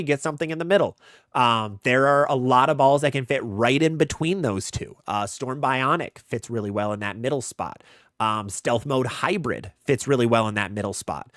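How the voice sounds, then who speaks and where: A man's voice: medium pitch, fairly bright tone, dry recording, clean studio sound. A man hosting a live bowling Q&A, giving casual gear advice in answer to viewer questions. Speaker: bowling channel host. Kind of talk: live stream Q&A, answering chat.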